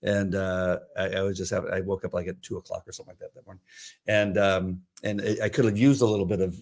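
A man co-hosting a faith podcast, chatting casually and telling rambling, jokey stories in a loud, booming voice. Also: little pitch movement, fast, creaky. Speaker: podcast co-host. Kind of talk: casual chat.

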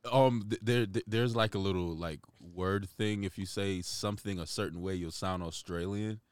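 A man's voice: low-pitched, normal speed, smooth, no room sound. A man co-hosting a casual podcast, slangy and laughing often, with swearing. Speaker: podcast co-host.

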